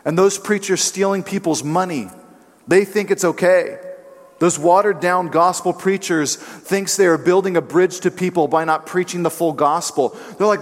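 In a hall with long reverb, a man with a fairly high voice preaches emphatically at a moderate pace, now and then voicing others' quotes in varying tones.

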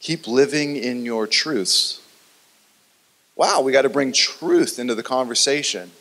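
A male pastor delivers a sermon with dramatic storytelling, sinking his voice low and quiet to draw listeners in. His pitch sits in an ordinary middle range. The sound carries a long reverb from a large hall. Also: a little slow.

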